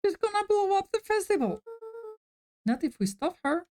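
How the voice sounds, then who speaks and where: A woman voicing a group of excitable young kids on a nighttime adventure, jumpy and breathless. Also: very high-pitched, normal speed, pitched above the performer's own voice. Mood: frightened.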